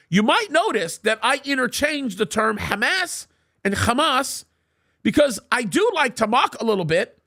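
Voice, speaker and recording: High, gravelly guy hosting a live show, emphatic, keeps restarting sentences. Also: pushed and bright. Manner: emphatic, repeats words when starting sentences. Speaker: host of a live talk show. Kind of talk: live commentary and storytelling.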